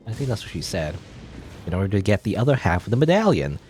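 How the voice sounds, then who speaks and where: A man's voice: on the low side, big pitch swings, fast, darkish tone, slight background noise. A man casually commenting while playing a game, musing aloud and joking at his own expense. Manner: rambling, musing aloud with self-deprecating jokes. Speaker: let's play host.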